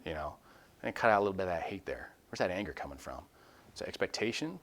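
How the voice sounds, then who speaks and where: A man's voice: fairly low pitch, animated, racing, a bit bright. A man leading an informal Bible study with a group, talking candidly and animatedly and acting out quoted voices. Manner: candid and self-deprecating.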